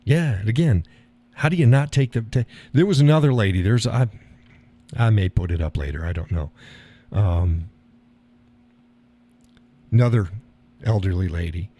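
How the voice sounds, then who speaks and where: A man's voice: on the low side, lively intonation, normal speed, pauses often, warm tone. A man hosting a live stream, talking casually and rambling, chuckling at his own remarks.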